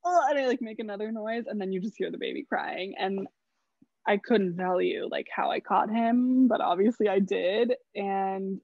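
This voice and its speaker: The speaker is a young woman whose medium-pitched voice is gravelly and darkish, at normal speed. As a podcast guest she tells her birth story chattily, full of "like" and casual swearing, in a slightly dull, dry recording with no echo.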